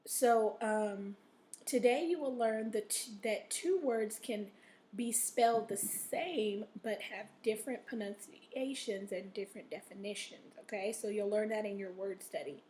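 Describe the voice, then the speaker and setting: A woman's voice: mid-range voice, unhurried, mellow, a little hiss or hum. A woman teacher giving a recorded reading lesson to children, patient and checking in often, sometimes reading aloud with expression. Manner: patient, repeats "okay?" to check in.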